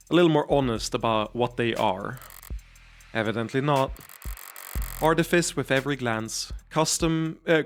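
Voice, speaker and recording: A dry, measured inner monologue from a world-weary heroine in a story game, read out by a man in his own voice. The delivery stays even and sardonic. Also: medium pitch, close to an everyday voice.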